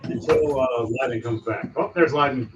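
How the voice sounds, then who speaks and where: A man's voice: mid-range voice, normal speed, highs cut off. Guy running a tabletop game as gm, walks through the scene bit by bit, music going in the back. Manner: describes scenes step by step, calls on players. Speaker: game master.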